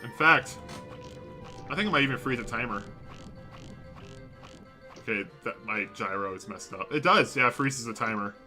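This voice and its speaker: A man's voice: mid-range voice, animated, normal speed, pauses often, pushed and bright, faint music behind. A young man streaming a video game, chatting casually and rambling with lots of self-corrections as he talks to his viewers. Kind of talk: casual livestream commentary. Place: home room at a computer. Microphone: desk mic.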